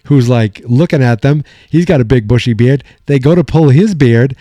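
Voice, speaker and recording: Young male podcast host, loose animated recap delivery, warm low-key tone, dry sound. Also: normal speed, no room sound. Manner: rambling, animated retelling with quoted lines. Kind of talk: casual episode recap.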